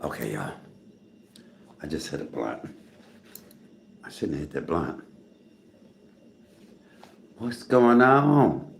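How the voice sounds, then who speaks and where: A man's voice: rumbling low, expressive, a little slow, vocal fry, pauses often, a little hiss or hum. A middle-aged man hosting a casual livestream from his home, chatty and greeting viewers by name, coughing often. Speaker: livestream host. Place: home room. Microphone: phone on a tripod.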